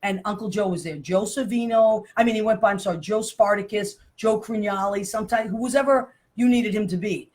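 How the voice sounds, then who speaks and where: A middle-aged woman hosting a casual chat show, telling stories in an animated, laughing way. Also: medium pitch, a little fast, few pauses. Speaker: show host.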